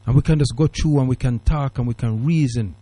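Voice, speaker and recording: Brisk and warm in tone, a mid-range male voice presents a call-in radio talk show with emphatic, preachy conviction. He speaks British English strongly tinged with Jamaican Patois, and the studio recording is dry.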